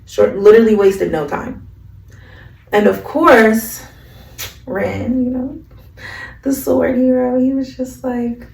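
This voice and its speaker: A woman's voice: mid-range voice, animated, a little slow, gravelly, darkish tone, far from the mic. A woman vlogger in a slangy, chatty casual recap of an anime, recorded in an echoey room. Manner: slangy, chatty, lots of fillers.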